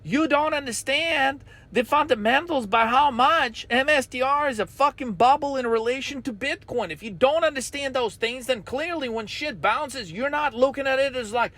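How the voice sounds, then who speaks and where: Give me a blunt, emphatic man lecturing traders, high-pitched and dry. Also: normal speed, few pauses, pushed and bright, no room sound. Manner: intense, profanity-laced, emphatic. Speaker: trading channel host. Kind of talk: blunt profane market rant.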